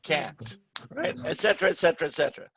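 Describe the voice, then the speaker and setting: A patient middle-aged man teaches an online English grammar class over a video call, often checking in with students by asking "right?". His voice is on the high side, quick and a bit bright, with wildly swooping pitch.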